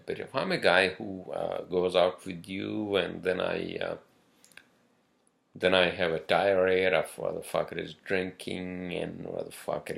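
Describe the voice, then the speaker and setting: Low growly guy ranting, slow drawl, swears nonstop, rambles all over. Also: creaky, a bit bright. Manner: profane, rambling, emphatic. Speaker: podcast host. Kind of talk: casual ranting monologue.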